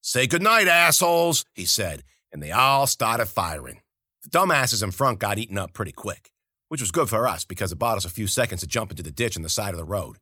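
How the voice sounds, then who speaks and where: A man's voice: mid-range voice, bright, forceful tone, no echo, clean studio sound. A man narrating a first-person story in a gritty, slangy, profane voice. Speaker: audiobook narrator.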